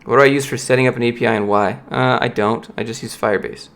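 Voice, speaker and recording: A man's voice: medium pitch, fast, gravelly, a bit bright. A young man on a casual livestream, reading and answering viewer chat in a blunt, motivational way. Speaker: streamer, software developer.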